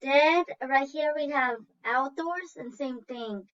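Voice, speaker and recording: A woman teacher leads a phonics lesson at a slow, deliberate pace, breaking words into syllables. Her voice is high and clear, and the recording sounds dull and lo-fi. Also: fairly bright tone.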